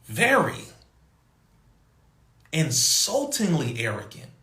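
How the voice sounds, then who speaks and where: Animated man telling a story in an echoey room. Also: fairly high pitch, slow pace. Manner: emphatic, mimics other people's voices, laughs between points. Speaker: podcast guest.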